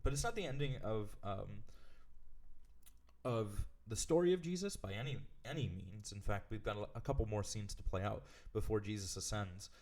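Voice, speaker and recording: A man reading scripture aloud, then explaining it in a relaxed, chatty way with plenty of fillers. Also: fairly low pitch, normal speed. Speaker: devotional leader. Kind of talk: scripture reading and casual commentary.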